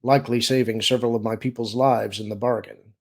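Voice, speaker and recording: A man voicing a shrewd, calculating middle-aged smuggler chief who talks smoothly and persuasively in an audiobook. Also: medium pitch, fairly even intonation, brisk, a little mellow.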